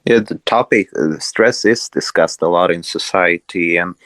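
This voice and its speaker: Low-voiced male podcast host. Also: moderate pace, a bit bright, no room sound. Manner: hesitant, with many fillers. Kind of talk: casual conversation.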